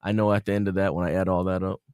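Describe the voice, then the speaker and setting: Fast-talking laid-back male DJ. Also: low-pitched, flat delivery, a little mellow, smooth, no room sound, studio quality. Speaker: guest DJ. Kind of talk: casual chat. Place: radio studio.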